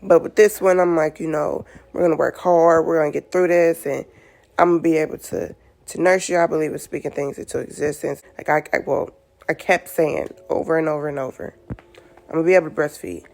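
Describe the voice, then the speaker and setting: A new mother talks straight to the camera in a low, gravelly voice with a good deal of fry. She sounds exhausted and speaks candidly and loosely, leaning on "like" and "you know" as she works through her thoughts. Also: steady tone, a little fast, a little mellow. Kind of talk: casual talk to camera.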